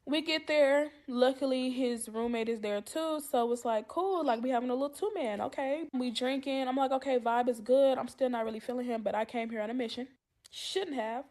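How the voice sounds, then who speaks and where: A woman's voice: sits high, a little fast, a little mellow. A woman podcast co-host, telling a story in a dramatic, profane way and acting out the dialogue. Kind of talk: animated storytelling, casual chat.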